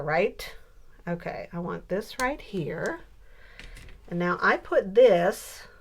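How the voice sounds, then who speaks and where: A woman in her sixties telling a funny family story in a casual, animated way while she works on a scrapbook page. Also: medium pitch, gravelly. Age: 60s. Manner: animated storyteller who builds to punchlines. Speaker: scrapbooking crafter.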